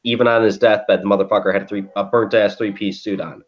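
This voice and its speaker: A man co-hosting a podcast, telling a story in a profane, animated way and acting out quotes. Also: fairly low pitch, fast, muffled recording. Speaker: podcast co-host. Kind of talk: casual chat.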